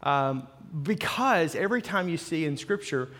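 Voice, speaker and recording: A man, the senior pastor, preaches with a folksy, chatty delivery, often circling back and restarting his sentences. His voice sits a little higher than most men's. The sanctuary adds a long, lingering reverb. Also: expressive, normal speed, a bit bright. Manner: folksy and conversational, with restarts and asides. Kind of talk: sermon. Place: church sanctuary with live congregation.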